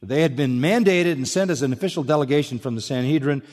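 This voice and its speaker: Fairly high-voiced man preaching in a reverberant hall. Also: fast, a little mellow. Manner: emphatic, rising on rhetorical questions, dropping to near-whispers. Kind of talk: expository sermon.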